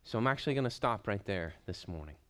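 Guy preaching a sermon, smooth clear voice, slows way down to hit the big points then goes soft again. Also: lowish voice, lively intonation. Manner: rises to emphatic slow stresses, then drops soft. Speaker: pastor.

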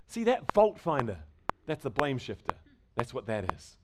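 A male pastor delivers an emphatic sermon to his congregation at a church service, posing rhetorical questions. His mid-range voice is sing-song at normal speed, and the recording has loud background noise with clicks.

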